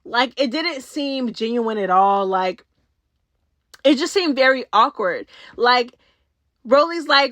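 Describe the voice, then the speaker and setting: Sassy high-voiced woman recapping reality TV. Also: moderate pace, no room sound. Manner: sassy, animated, talks straight to viewers with slangy asides. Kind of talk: casual recap commentary.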